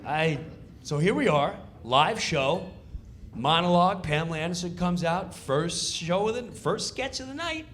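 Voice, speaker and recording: A man spins a comic backstage tale with excited, theatrical energy. His voice sits fairly high and bright, swinging lively up and down as he acts scenes out. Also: a little slow, a little hiss or hum. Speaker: comedian telling a backstage story. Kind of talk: animated comedic storytelling.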